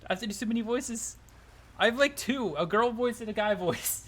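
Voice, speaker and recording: A man's voice: extremely high pitch, fairly quick, fairly bright tone. A man streaming a game live, chatting casually with his viewers, rambling and swearing freely.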